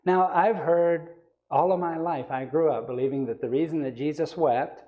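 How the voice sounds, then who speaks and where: A man's voice: on the high side, moderate pace, warm tone, lo-fi sound. A male evangelist preaching a sermon, reading scripture aloud and then explaining it with rising emphasis.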